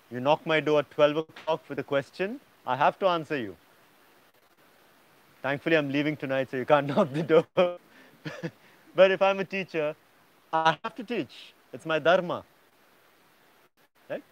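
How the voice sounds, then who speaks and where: A man's voice: fairly high pitch, muffled recording. A man teaching a yoga class, lecturing students emphatically and often checking in with "yeah?".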